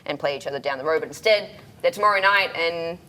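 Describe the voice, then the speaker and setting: Brisk Australian woman sports co-host. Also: lowish voice, sharp tone, poor audio. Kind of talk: studio sports talk and news read.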